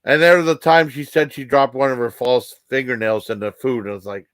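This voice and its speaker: A man in his fifties telling rambling personal stories as a vlog host, halting with many fillers and restarts. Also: medium pitch, a bit bright, no room sound.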